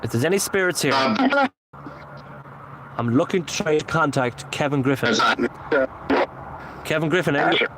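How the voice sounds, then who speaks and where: At night on a memorial bench, a man ghost-hunting alone for his vlog pleads earnestly and repetitively with spirits to answer. His fairly high voice swings widely in pitch at a normal pace with long pauses, while traffic and city noise hum clearly behind him the whole time.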